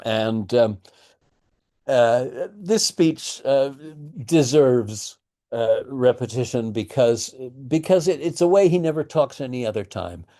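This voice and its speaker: A man's voice: medium pitch, expressive, slow, dark tone. A man teaching a class on a play, explaining in a thoughtful, wry way. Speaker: acting teacher. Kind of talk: lecture on a play with readings.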